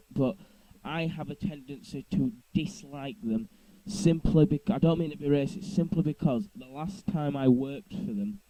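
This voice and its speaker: Rambling man with a very dark voice. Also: medium pitch, no room sound, low-quality recording. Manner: rambling, often correcting himself. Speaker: vlogger. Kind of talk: casual storytelling. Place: indoors at home.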